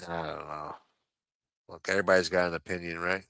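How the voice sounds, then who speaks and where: A man's voice: low voice, fairly even intonation, brisk, creaky, pushed and bright, clean tone, no room sound. A man hosting a livestream, delivering a heated, profane rant with lots of repetition. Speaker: livestream host. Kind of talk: profane political rant on a stream.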